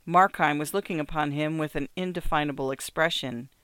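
A narrator reading classic fiction in a measured, even way. The voice is smooth and clean, with a dry, close sound and little room. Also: mid-range voice, dry recording.

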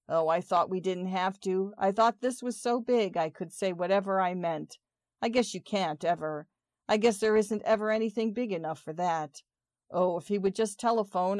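Woman reader with a low voice, pleading and anxious, for a dramatic monologue; dry close sound. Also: a little mellow, dry recording. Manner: anxious, pleading, intensely emotional.

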